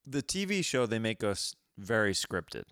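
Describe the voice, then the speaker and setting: Bright-voiced man in casual chat. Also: lowish voice, unhurried, no room sound, clean studio sound. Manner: laughing, animated storytelling with many fillers. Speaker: podcast co-host.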